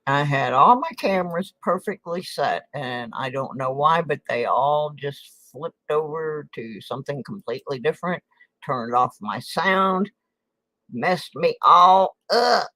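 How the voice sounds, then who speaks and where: A woman's voice: low voice, animated, unhurried, pushed and bright, dry recording. A woman hosting a casual home livestream, chatting in a folksy way and eating as she talks into her desk microphone. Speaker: host of a coin collecting livestream.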